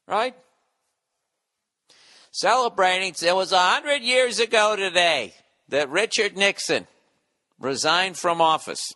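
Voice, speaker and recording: Podcast host, man in his 40s, from the United States, high bright voice, sarcastic profane rant. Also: animated, slow pace, pauses often. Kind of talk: solo comedic rant.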